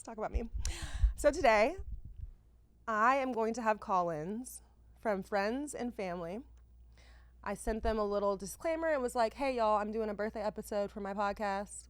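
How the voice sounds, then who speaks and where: A woman in her thirties hosts a podcast with lively, slang-filled, exclamatory chat. Her voice sits at an ordinary middle pitch. The sound is close and dry, with no room around it. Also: dry recording. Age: 30s. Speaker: podcast host.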